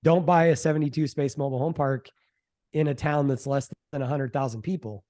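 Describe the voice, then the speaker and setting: A middle-aged man, a real estate investor, telling the story of his first deal in a casual interview, animated and quick to act out what others said. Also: fairly high pitch. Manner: animated storyteller, acts out quoted voices, fillers like "um" and "like".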